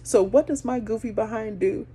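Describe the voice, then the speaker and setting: A woman hosting her own show, telling a story in a casual way, lively, with sudden high bursts when she acts out her panic and hushed asides. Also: moderate pace, slightly rough. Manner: animated, jumps into high excited voices when acting out her panic. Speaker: podcast host.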